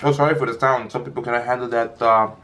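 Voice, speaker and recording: A man's voice: medium pitch, steady tone, quick pace, a bit bright, a little hiss or hum. A man chatting casually while he eats in a mukbang video, rambling and stopping to chew between sentences. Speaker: mukbang vlogger. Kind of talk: casual chat while eating.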